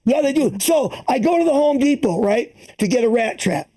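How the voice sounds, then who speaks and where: A man's voice: very high voice, animated, moderate pace, dark tone. A man in his sixties from the Boston area doing a profane, rambling stand-up comedy set, acting out the people in his stories. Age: 60s. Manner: profane, rambling, acts out quoted voices. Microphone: streamed online comedy show.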